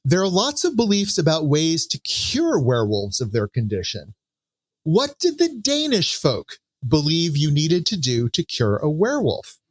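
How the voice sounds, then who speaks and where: A man's voice: a little high, very animated, unhurried, dry recording, clean studio sound. A man co-hosting a podcast, playfully running a trivia game and reading out numbered options. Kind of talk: casual podcast chat.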